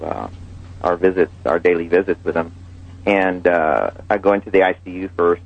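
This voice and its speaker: A man, an emergency room doctor, telling a story in an interview, halting with many fillers and restarts. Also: low-pitched, gravelly, dull audio.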